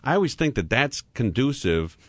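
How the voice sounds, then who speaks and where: A man's voice: mid-range voice, sing-song, moderate pace, no echo. A man hosting a radio talk show in a loose, rambling way, full of fillers, taking callers. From Southern California. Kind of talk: casual radio chat.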